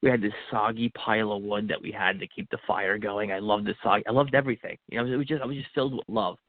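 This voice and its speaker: A lowish, gravelly male voice comes through a thin, phone-like line with no room sound at all. He tells a personal story in earnest, breaking into the words he said to himself as if reliving them. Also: fairly even intonation, fast, no room sound. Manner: earnest, acts out his own inner dialogue. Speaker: podcast guest. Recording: tinny phone-like line, dry.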